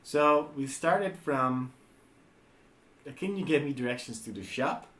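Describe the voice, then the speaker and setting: A man's voice: mid-range voice, measured pace, fairly bright tone. A man from the Netherlands co-hosting a livestream, explaining things hesitantly in casual chat. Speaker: livestream co-host. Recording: echoey room with faint ambient noise.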